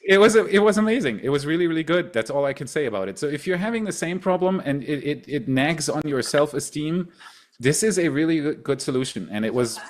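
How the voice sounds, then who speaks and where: A man's voice: on the high side, animated, a little fast. A middle-aged German man, a non-native English speaker with a German accent, chatting casually as a livestream host, rambling and repeating words.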